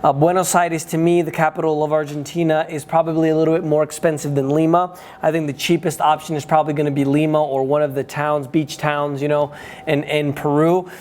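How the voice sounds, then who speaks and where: A man whose first language is Spanish, speaking in a slightly higher register. He chats casually to camera as a travel vlogger. He gives his opinions freely and works out his points aloud. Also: level tone, fairly quick, darkish tone. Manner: chatty, opinionated, thinking aloud.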